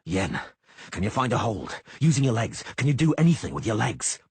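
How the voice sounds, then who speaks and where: A man's voice: medium pitch, very animated, a little fast, gravelly, a little mellow, breathy edge, no room sound, full character voice. A man voicing a grim, terse male monster hunter in an audiobook, giving curt commands. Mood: urgent.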